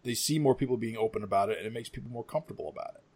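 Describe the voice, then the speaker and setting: A man's voice: medium pitch, racing, darkish tone, slightly rough. A man co-hosting a podcast in casual chat, giving reasoned opinions with wry humor. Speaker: podcast co-host.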